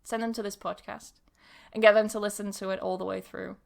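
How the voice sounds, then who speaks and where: A woman's voice: mid-range voice, level tone, brisk, creaky. A woman in her thirties from Yorkshire with a mixed Yorkshire accent, chatting frankly on her podcast as an English teacher and laughing often. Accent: Yorkshire English, mixed with some Bristol. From Yorkshire, England. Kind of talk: casual podcast monologue.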